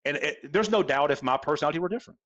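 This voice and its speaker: A man's voice: on the high side, racing, fairly bright tone, highs cut off. Emphatic man, blunt and repetitive. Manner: emphatic, repeats points for stress. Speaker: golf instructor, podcast guest. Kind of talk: casual podcast interview.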